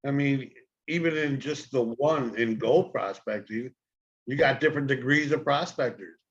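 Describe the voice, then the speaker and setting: A man's voice: mid-range voice, normal speed, breathy edge. An older man hosting a casual livestream chat, rambling in a folksy way and repeating words as he talks. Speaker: host. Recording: dull lo-fi stream audio.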